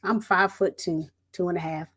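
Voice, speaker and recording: A middle-aged woman, a retired Air Force veteran, telling a lively, folksy story in an interview and talking straight to the audience. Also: lowish voice, a little fast, slightly rough.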